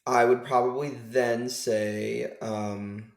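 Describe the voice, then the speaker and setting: A man hosting a casual film review chat, hesitant and filling pauses with ums as he thinks aloud. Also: medium pitch, flat delivery, gravelly, echoey room. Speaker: podcast host.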